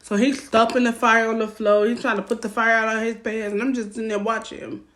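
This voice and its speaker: A young woman with a Southern US accent, telling a story-time vlog in a casual, loud and profane way, acting out what people said. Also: on the high side, fairly quick. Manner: animated, loud and profane, acting out quotes with rising heat.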